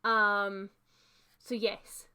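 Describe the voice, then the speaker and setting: A young woman hosting a casual livestream book chat, talking warmly and chattily, reading out viewer comments with fillers and laughs. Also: medium pitch, little pitch movement, extremely slow, clear, resonant tone.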